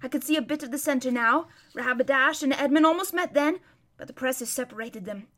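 A woman's voice: high voice, brisk, fairly bright tone. A woman voicing an old male hermit who describes a distant battle as a vivid, emphatic running commentary. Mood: urgent.

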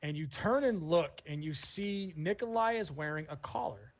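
Narrating scenes for a tabletop RPG, the game master speaks in a slightly high voice at a moderate pace, relaxed and heavy on fillers. The audio sounds dull.

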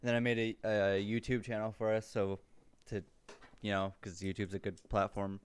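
A young man co-hosting a podcast, chatting in a relaxed way and laughing easily. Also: on the low side, fairly quick, smooth. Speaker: podcast co-host. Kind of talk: casual chat.

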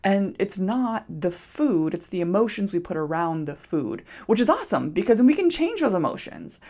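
A woman's voice: medium pitch, very animated, moderate pace, darkish tone. A woman podcast host and nutrition coach talking casually and expressively, acting out quoted self-talk. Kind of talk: solo podcast monologue.

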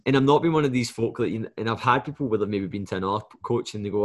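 A man's voice: lowish voice, racing, hardly any pauses. Blunt, sweary man coaching on fat loss. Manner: blunt and swears freely, acts out clients' lines. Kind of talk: casual podcast chat.

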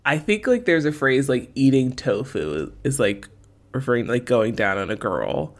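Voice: mid-range voice, very animated, normal speed. Rambling, filler-heavy podcast co-host. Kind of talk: casual chat.

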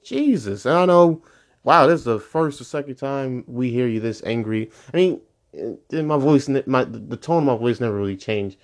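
Young man, podcast host, casual rant, swearing, voice leaps up high when irritated. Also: moderate pace. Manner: animated, profane, pitch jumps high when annoyed.

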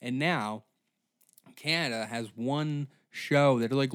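A man's voice: mid-range voice, normal speed, no room sound. Sarcastic, swearing man in a comedy podcast rant, dry sound. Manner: profane, incredulous, sarcastic. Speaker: podcast host. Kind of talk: comedic ranting chat.

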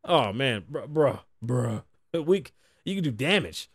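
A podcast host with a mid-range voice speaks unhurriedly, with vocal fry and a breathy edge. He talks bluntly and animatedly with heavy cursing in profane casual commentary, recorded in studio quality with no echo.

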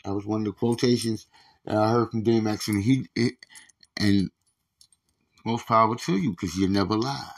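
A man's voice: fairly low pitch, fairly even intonation, moderate pace, pauses often. A man hosting his own podcast, venting in a profane, stammering rant with many restarts. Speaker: podcast host. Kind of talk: casual ranting monologue.

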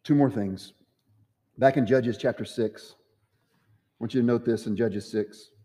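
A man's voice: mid-range voice, unhurried, mellow, in a large hall. A man preaching a sermon as pastor, acting out the quoted voices with dramatic swings. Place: church sanctuary.

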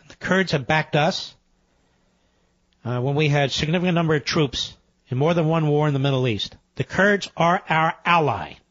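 A man's voice: on the high side, lively intonation, moderate pace, fairly bright tone, no room sound. A man hosting a political talk radio show, speaking emphatically and combatively. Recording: dull, muffled broadcast sound.

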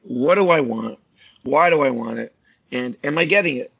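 A man's voice: medium pitch, normal speed, creaky, breathy edge, dry recording, lo-fi sound. A man, a martial arts teacher, talking casually on a podcast and acting out other people's lines as he tells stories. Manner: animated storyteller, acts out other people's lines.

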